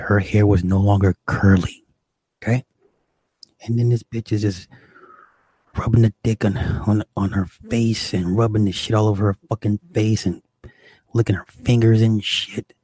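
A man's voice: on the low side, a little mellow, slightly rough, no echo. Profane, exasperated young man telling a story. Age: young adult. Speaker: stand-up comedian. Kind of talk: crude storytelling.

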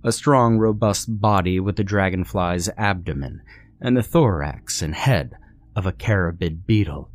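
A man narrating a scary story in a measured, dramatic storytelling way. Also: deep voice, no room sound. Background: faint music.

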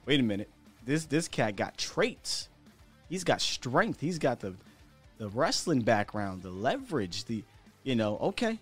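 A man's voice: mid-range voice, sing-song, a little slow, long pauses, slightly rough, soft background music. An American man hosting a sports podcast, talking in a chatty, candid way with slang and the odd chuckle. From United States. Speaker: podcast host. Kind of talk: casual sports talk commentary.

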